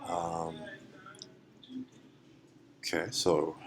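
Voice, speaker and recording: American man, General American accent, very low voice, unhurried teacher talk, noisy room behind. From United States. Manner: relaxed and unhurried, with many ums and restarts. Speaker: English teacher. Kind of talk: classroom microlesson.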